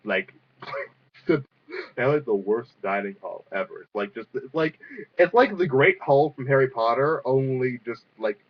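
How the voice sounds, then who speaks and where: A man's voice: medium pitch, expressive, unhurried. Rambling young man, dull lo-fi sound. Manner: rambling, filler-heavy, profane. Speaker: vlogger reviewing a cartoon. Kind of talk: casual spoken review.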